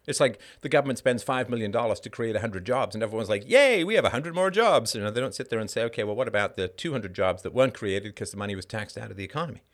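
A man's voice: fairly low pitch, very fast, few pauses. A man hosting a live call-in show, delivering a heated monologue in an emphatic, blunt and profane way, with sardonic asides and rhetorical questions.

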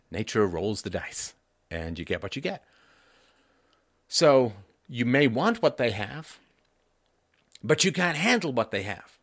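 A man in his fifties hosting a solo livestream, talking in a lively way and jumping up in pitch for emphasis and mock voices. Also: no echo, clean studio sound. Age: 50s. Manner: rhetorical repeats, asks "right?". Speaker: livestream host. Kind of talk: solo political commentary.

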